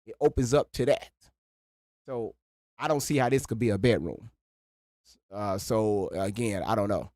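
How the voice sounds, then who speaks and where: A man's voice: on the low side, normal speed, long pauses, darkish tone, no echo, studio quality. A man, hosting a casual livestream, rambling, swearing freely and breaking into laughter. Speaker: livestream host.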